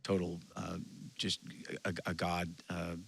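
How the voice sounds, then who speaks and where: A man's voice: low voice, monotone, unhurried, creaky, slightly rough. A man from Texas, a guest musician, telling personal stories in an earnest, confessional way during casual conversation. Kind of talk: casual chat.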